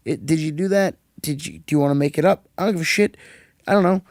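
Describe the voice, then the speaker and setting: Young man, swearing storyteller, slightly high voice, dry close sound. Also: quick pace, gravelly, darkish tone, dry recording. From Canada. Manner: profane, rambling storyteller who acts out quotes. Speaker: podcast host. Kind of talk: casual podcast chat.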